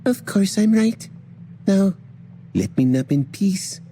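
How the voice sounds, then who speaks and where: A man's voice: high voice, lively intonation, slow, dark tone, slight background noise, voice pushed up. A man voicing a cocky, sleepy female warrior. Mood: drowsy.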